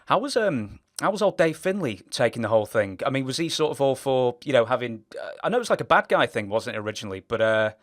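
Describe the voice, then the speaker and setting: A man's voice: mid-range voice, sing-song, fast, hardly any pauses. A man in a mid range voice hosts a casual interview. His questions wander and circle back, full of fillers, before landing. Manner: chatty, rambling questions with many fillers. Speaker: interview host.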